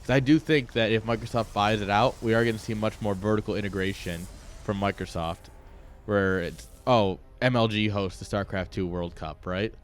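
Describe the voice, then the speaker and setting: A man's voice: lowish voice, steady tone, normal speed. A man casting a live strategy game, easygoing and joking, often laughing. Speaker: esports caster. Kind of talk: casual live game commentary.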